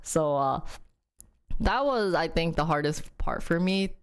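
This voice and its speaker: Slow-talking woman chatting on stream. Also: low voice, animated, clean tone. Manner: chatty, laughs often, searches for words. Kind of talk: casual live-stream chat.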